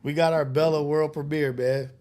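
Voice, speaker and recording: A man's voice: on the high side, fairly even intonation, moderate pace, darkish tone. A man hosting a live morning show, talking in a loose, profane, casual way and laughing often. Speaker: host. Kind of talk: casual live-stream chat.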